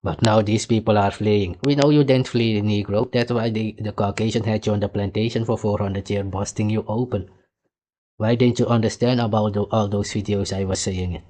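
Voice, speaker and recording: A man's voice: on the low side, fairly even intonation, normal speed, warm tone. A man hosting a reaction video, mocking and arguing heatedly with the clip he plays. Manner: mocking, insulting, argumentative. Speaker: commentary host reacting to clips.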